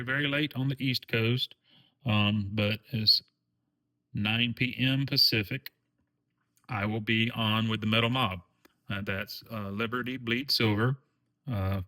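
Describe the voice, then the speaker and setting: A man's voice: on the low side, fairly bright tone. A man with a Southern US accent hosting his own channel, talking in a folksy, earnest way with lots of fillers. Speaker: channel host. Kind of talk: casual vlog chat.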